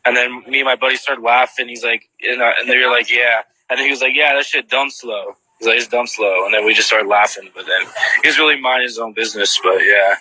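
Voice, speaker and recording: A man's voice: medium pitch, steady tone, fast talker, sharp tone, no echo, poor audio. A man casually retelling what he witnessed and answering viewers' questions, rambling with lots of "like" fillers and restarts.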